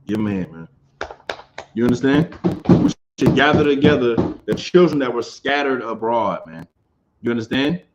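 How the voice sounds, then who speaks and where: A man's voice: medium pitch, animated, moderate pace, long pauses, lo-fi sound, heavy background noise. A man teaching an informal scripture class. He talks emphatically, repeats his phrases and keeps asking whether his listeners understand.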